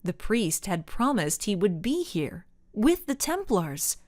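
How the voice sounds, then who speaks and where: A woman reading a children's mystery audiobook aloud as narrator, with expressive storytelling. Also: mid-range voice, slow, no echo, studio quality. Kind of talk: scripted narration.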